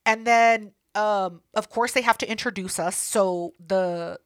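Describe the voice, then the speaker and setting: A woman co-hosting a podcast, telling a story in casual chat, profane and animated, acting out what people said. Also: medium pitch, unhurried, clean tone, no room sound, studio quality. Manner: profane, animated, acts out quotes. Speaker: podcast co-host.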